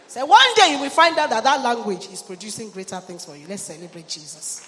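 A woman's voice: a little high, lively intonation, quick pace, few pauses, fairly bright tone. A middle-aged woman pastor preaching a sermon, exhorting her congregation and calling for amens and hallelujahs. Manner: exhorting, call-and-response with the congregation. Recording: long church hall reverb, faint ambient noise.

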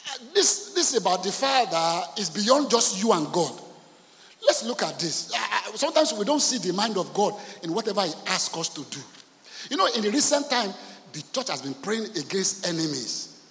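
High-voiced preacher in a reverberant hall. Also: male voice, big pitch swings, moderate pace. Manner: storytelling, acts out quoted voices, swings from soft to shouting. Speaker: pastor. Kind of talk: sermon.

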